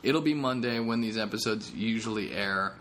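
A man's voice: on the low side, moderate pace, a bit bright, slight background noise. A comedian hosting his own podcast, talking in a rambling, jokey, self-deprecating way. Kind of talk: casual podcast monologue.

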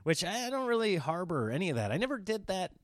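A man from Nebraska hosting his own comedy podcast, rambling through animated stories and acting out what people said. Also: high voice, fast, no room sound, clean studio sound. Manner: rambling, animated storytelling with acted-out quotes. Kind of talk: casual monologue.

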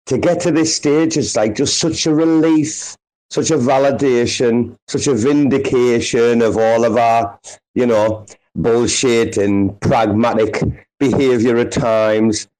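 A man's voice: mid-range voice, fairly even intonation, a little slow, a little mellow, rough recording. A man with a Sunderland accent hosting a casual chat, swearing heavily in rowdy banter. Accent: Sunderland English. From northeast England.

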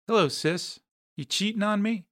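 A man's voice: high voice, moderate pace, a bit bright, no room sound, clean studio sound, pitched above the performer's own voice. A man reading the lines of a ruthless, sneering mobster who threatens others. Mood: menacing.

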